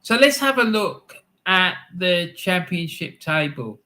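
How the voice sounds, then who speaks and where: A man's voice: high voice, sing-song, slow, sharp tone. A middle-aged man hosting a live football stream, chatting casually, rambling through anecdotes and laughing often.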